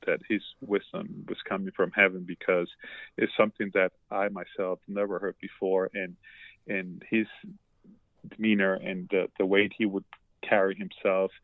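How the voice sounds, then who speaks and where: Male podcast guest, low voice, emotional, halting, phone-quality audio. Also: little pitch movement, no room sound. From Colombia. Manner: emotional, repeats words, many restarts. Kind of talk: heartfelt conversational storytelling. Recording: dry, tinny phone-like line.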